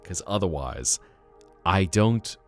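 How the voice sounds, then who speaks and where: A man's voice: low-pitched, animated, takes it slowly. A man streaming live, chatting casually and playfully teasing his viewers as he reacts to chat. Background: faint guitar music.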